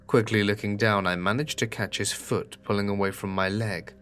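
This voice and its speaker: Man, low voice, scripted horror narration, faint music behind. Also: fairly even intonation, moderate pace, fairly bright tone.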